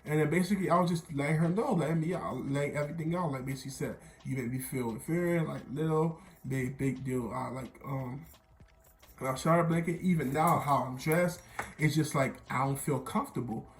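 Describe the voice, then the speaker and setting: A man's voice: fairly high pitch, brisk, roomy sound, a little hiss or hum. Rambling young man telling a story. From Miami. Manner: rambling, repeats himself, quotes others in dialogue. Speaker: vlogger. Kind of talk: storytime vlog.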